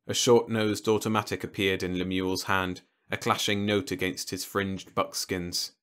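A man reading a science fiction story aloud in lively, animated storytelling narration. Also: sits low, normal speed, few pauses. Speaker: audiobook narrator.

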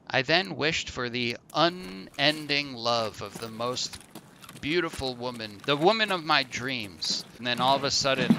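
A man's voice: medium pitch, background noise. A man streaming a video game and chatting casually, laughing often and dragging out a long joke. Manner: laughs often, drawn-out joke delivery, teasing. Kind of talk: casual gaming chat with a long told joke.

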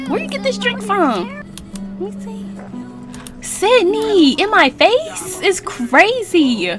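Young woman let's-player, high-ish voice, chatty and teasing, game music low underneath. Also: fairly bright tone. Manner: chatty and playful, laughs often, reads in-game text aloud; casual slang and swearing. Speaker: let's play gamer. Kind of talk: casual gameplay commentary.

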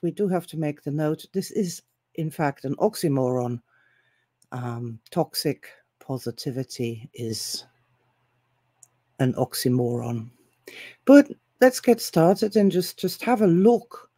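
A woman hosting a solo commentary video. She reads web pages aloud with deliberate pauses and adds sarcastic asides. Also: low voice, mellow, dry recording. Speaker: self-help author and video host.

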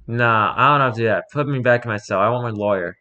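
A man's voice: mid-range voice, fast talker, pushed and bright, highs cut off, lightly acted. A man voicing a panicked male convict prisoner who pleads and begs. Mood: nervous. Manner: pleading, then frantic and screaming.

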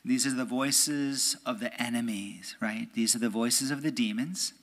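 A priest, an American man, giving a conversational homily in church. He keeps checking in with "right?" and sometimes drops to a hushed, near-whispered voice. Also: mid-range voice, measured pace. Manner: conversational, often asks "right?". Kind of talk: homily at a prayer meeting.

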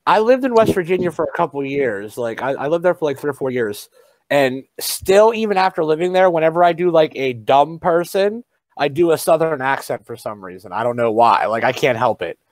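A laid-back male podcast host chats casually and asks his guest questions. His pitch moves up and down a lot as he talks. The sound is dry and close. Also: animated, a little fast, no room sound. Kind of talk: casual chat.

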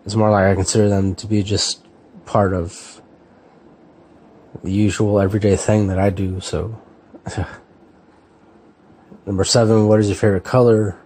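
A man in his thirties from California, chatting casually in a relaxed, hesitant way with lots of fillers and restarts. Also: on the low side, normal speed, long pauses, slight background noise. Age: 30s. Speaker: book vlogger. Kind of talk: casual chat, answering a tag.

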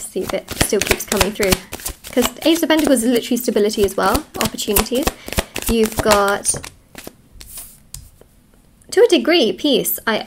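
A woman's voice: on the high side, noisy background. Emotional, reassuring woman reading tarot cards. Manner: warm, reassuring, emotional pep talk. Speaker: tarot reader. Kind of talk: casual tarot reading to camera.

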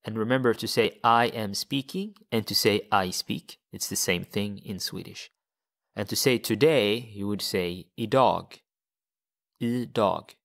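A man's voice: on the low side, unhurried, a bit bright. A man teaching a language lesson step by step, patiently repeating phrases for learners.

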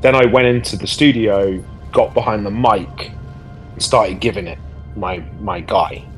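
A man's voice: on the low side, measured pace, soft background music. A middle-aged English man, an actor, chatting on a game stream and telling a story animatedly. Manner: animated storyteller, acts out quotes. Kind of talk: casual chat, storytelling.

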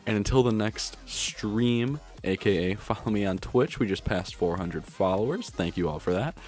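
A man streaming a video game pack opening, excitable and trying to keep his voice down at home, swinging from grumbling to yelling. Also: on the low side, moderate pace, faint music behind. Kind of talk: pack-opening gameplay commentary.

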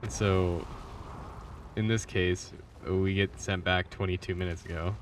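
A man's voice: low voice, little pitch movement, measured pace. A sleepy man chatting casually while streaming a game live, chuckling often. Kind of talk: live gameplay stream commentary. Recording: slightly distant mic, faint background noise.

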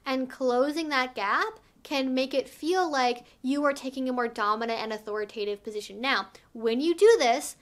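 A woman's voice: high-pitched, moderate pace, few pauses. A woman giving frank, casual advice as a vlogger, emphatic and direct, peppering her talk with "like" and "right?". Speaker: sex educator vlogger.

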